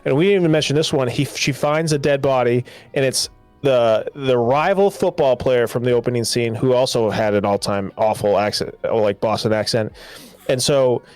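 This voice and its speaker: A man co-hosting a casual podcast, retelling a movie in an animated, rambling way. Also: medium pitch, normal speed, dry recording. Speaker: podcast co-host. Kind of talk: casual movie review chat.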